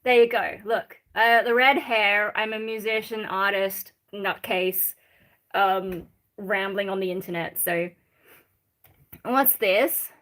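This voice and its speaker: A woman's voice: medium pitch, steady tone, slow, fairly bright tone. An Australian woman from Sydney, a streamer who rambles while reading chat comments aloud and answering them. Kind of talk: casual live-stream chat.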